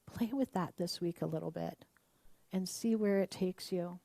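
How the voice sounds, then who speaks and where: A middle-aged woman minister giving a conversational, animated sermon and acting out the voices of the people she quotes. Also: lowish voice, moderate pace, vocal fry, no room sound.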